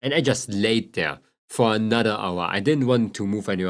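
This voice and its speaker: A man's voice: fairly low pitch, fairly quick. A young man with a German accent chatting casually while drawing on a livestream, laughing often and swearing casually. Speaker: streamer.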